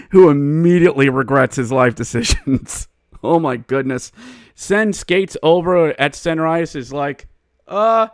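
A male podcast host recapping a hockey game, slipping into excited play-by-play calls and shouting at the goals. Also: a little high, no room sound, studio quality.

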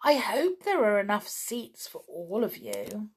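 A woman voicing a naughty, boastful girl doll in a storybook reading, with a bright, gleeful manner. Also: medium pitch, sing-song, measured pace, breathy edge, pitched above the performer's own voice, heavily acted. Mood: sweetly scheming.

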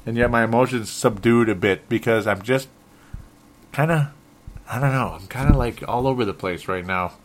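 A man's voice: mid-range voice, moderate pace, slight background noise. A man hosting a solo sports talk show, sounding frustrated and rambling, often stumbling and correcting himself. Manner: restarts and self-corrections. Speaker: sports podcast host.

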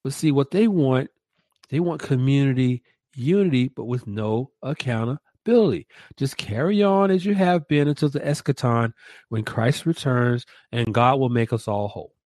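A man's voice: mid-range voice, lively intonation, moderate pace, darkish tone, no room sound. A man co-hosting a Christian commentary podcast, emphatic and stressing points by repeating words. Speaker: podcast co-host.

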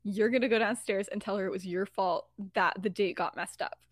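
A woman's voice: mid-range voice, fairly even intonation, brisk, dry recording, studio quality, close to an everyday voice. A woman quoting an exasperated teenage boy. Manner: exasperated, blunt. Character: angry teenage boy, frustrated and blunt.

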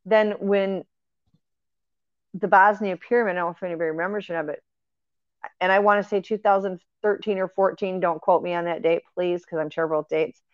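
Woman guest, lowish voice, earnest rambling storyteller, lo-fi dry recording. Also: fairly even intonation, brisk, clear, resonant tone, no echo. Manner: earnest, rambling with fillers and restarts. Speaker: guest sharing paranormal experiences. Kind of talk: casual conversational storytelling. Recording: dry, dull lo-fi audio.

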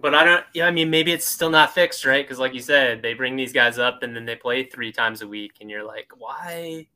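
A man speaking as a podcast guest in casual chat, with lively, animated asides. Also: mid-range voice, a little fast.

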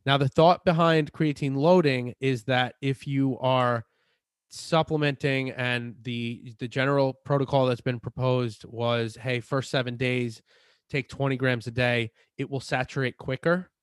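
A man's voice: medium pitch, steady tone, measured pace, clear, resonant tone, no room sound, clean studio sound. A man co-hosting a fitness podcast, explaining supplement advice in a casual chat and often restarting his sentences.

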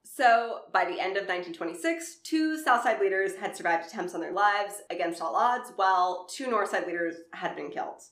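A woman with a Southern accent co-hosting a casual true-crime podcast. She swears a lot, laughs often and talks in an animated way. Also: medium pitch, fairly quick, few pauses, reverberant. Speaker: podcast co-host.

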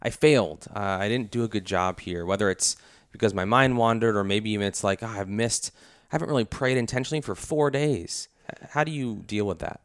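A man hosting a podcast, asking questions and reading the outro in a measured, conversational way. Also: fairly low pitch, dry recording, studio quality. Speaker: podcast host. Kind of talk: interview and outro. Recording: music underneath.

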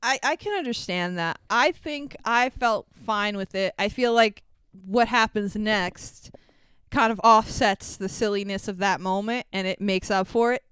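A woman in casual podcast chat about a film, telling stories in an animated way and laughing often. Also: mid-range voice, measured pace, clear, resonant tone, dry recording. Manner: giggly, animated storytelling. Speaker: podcast co-host. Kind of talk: casual movie discussion.

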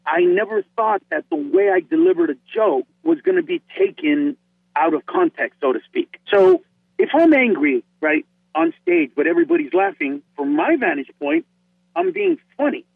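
Excitable man over a tinny phone line. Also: extremely high pitch, moderate pace, vocal fry, no echo. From Honduras. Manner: animated, excitable, repeats words when starting. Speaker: comedian guest. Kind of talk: podcast interview chat.

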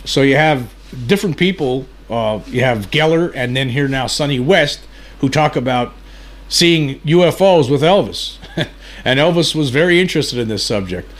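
A man hosting a commentary video, speaking haltingly with many fillers and restarts. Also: mid-range voice, expressive. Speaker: host.

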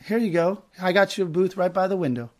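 A man voicing a friendly young female restaurant hostess in a bright, chirpy voice. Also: high voice, quick pace, close to an everyday voice.

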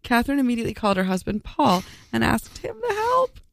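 A woman's voice: on the high side, wildly swooping pitch, fast, gravelly. A young woman co-hosting a casual podcast, reading an article aloud and groaning and swearing in disgust as she goes. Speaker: podcast co-host.

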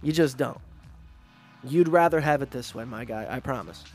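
A man hosting a podcast, ranting in a casual, profane, animated way and mocking others with put-on voices. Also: medium pitch, normal speed, soft background music. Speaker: podcast host. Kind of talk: casual rant.

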